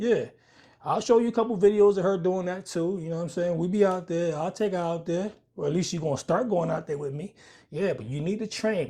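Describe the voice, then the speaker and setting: A man reviewing a handgun in a rambling, jokey casual vlog, talking straight to his viewers with a husky voice. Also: fairly high pitch, lively intonation, brisk, a little mellow.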